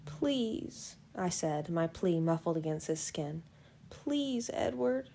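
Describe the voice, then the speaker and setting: A woman reading the part of an anxious, sheepish young newlywed woman, speaking softly and timidly. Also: sits low, level tone, normal speed. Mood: pleading.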